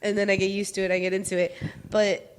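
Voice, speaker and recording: A woman's voice: mid-range voice, flat delivery, fast talker, a little hiss or hum. A woman with a nasal, stuffy voice from a cold, chatting casually as a podcast guest, flirty and teasing, often laughing. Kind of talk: casual chat.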